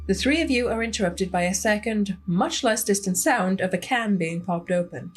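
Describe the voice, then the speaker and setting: A woman's voice: medium pitch, normal speed, few pauses, breathy edge. Chatty young woman gaming YouTuber. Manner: chatty, friendly, reads narration aloud. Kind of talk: let's play narration and chat.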